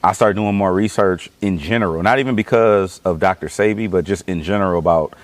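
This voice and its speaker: A young man talks in a loose, slangy way and swears freely as he tells stories. His voice sits a little low. The sound is close and dry, with almost no room in it. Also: a little fast, no room sound. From east side of Los Angeles. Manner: laid-back slangy storytelling, swearing freely. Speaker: guest. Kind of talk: casual chat.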